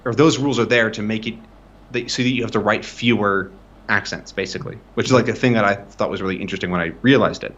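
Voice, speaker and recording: A man's voice: on the low side, steady tone, fast, a bit bright, lo-fi sound. A man tutoring pronunciation in a casual live-streamed lesson, explaining loosely and checking in with frequent "right?". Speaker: language tutor.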